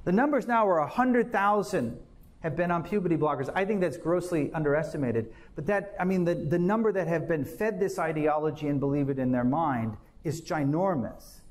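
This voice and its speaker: Male pastor, higher-pitched voice, earnest sermon delivery with dramatic scripture readings. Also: lively intonation, moderate pace.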